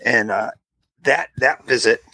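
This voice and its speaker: A middle-aged man co-hosting a podcast, telling a story in a casual, animated way and acting out the people in it with a high squeaky voice. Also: a little slow, creaky, a little hiss or hum. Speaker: podcast co-host.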